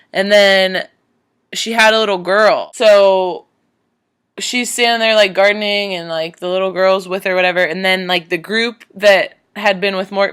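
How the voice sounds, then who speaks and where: Chatty, excitable woman recapping a film. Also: clean tone. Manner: rambling, animated, many fillers, voice jumps high when emotional. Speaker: vlogger retelling a movie. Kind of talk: casual excited movie recap.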